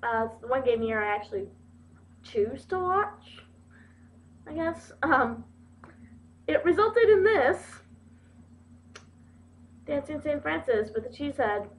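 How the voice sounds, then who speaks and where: A young woman vlogs casually to her camera, her high voice drifting along at an easy, slow pace. She giggles and makes fun of herself as she goes. The webcam audio is muffled and lo-fi. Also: sing-song. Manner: giggly, playful and self-mocking. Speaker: video blogger.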